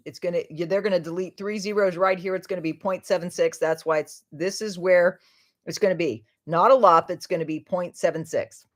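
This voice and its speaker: On her livestream, a middle-aged woman host chats casually with a voice on the low side. Her talk is loose and meandering, punctuated by frequent laughter, with sentences that fade out before she begins new ones.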